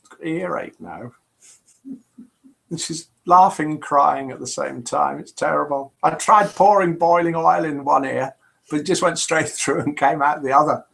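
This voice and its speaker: A man's voice: fairly high pitch, normal speed, vocal fry, a bit bright. A middle-aged man hosting a casual live chat show, reading out viewer comments and joking with them. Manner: chatty, jokey, reads out viewer comments and answers them.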